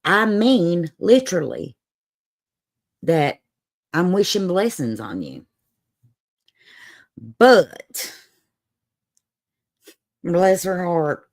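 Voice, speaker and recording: A woman with an Appalachian Southern accent hosting a livestream, chatting in a folksy, sassy way and laughing often. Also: low-pitched. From Southern United States, Appalachian holler. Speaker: livestream host. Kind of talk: casual chat on a livestream.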